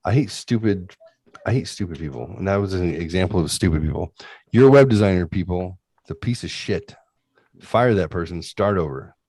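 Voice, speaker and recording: Brief: very low-voiced male podcast host, profane and ranting, dead-dry room. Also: darkish tone, no room sound. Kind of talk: casual chat, reading aloud. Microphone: close podcast mic.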